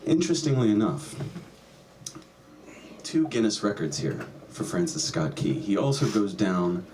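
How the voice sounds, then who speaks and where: A man performing a stand-up comedy set, sardonic and profane, often jumping into high yelps and mock voices. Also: sing-song, measured pace, a little mellow, slight background noise. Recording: distant mic with noticeable room ambience.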